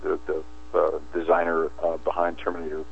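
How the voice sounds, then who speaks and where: A man's voice: sits low, completely flat delivery, a little fast, vocal fry, breathy edge, no echo. A man talking as an interview guest in a rambling way, with many restarts and fillers. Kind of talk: casual interview talk. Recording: tinny phone line, dry.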